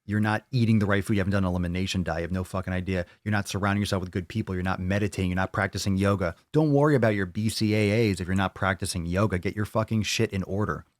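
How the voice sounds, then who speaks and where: Talking very fast with hardly any pauses, a low-voiced man comes through on a clean studio recording without echo. He's hosting a live fitness Q&A, bluntly answering viewer questions in profane, opinionated rants.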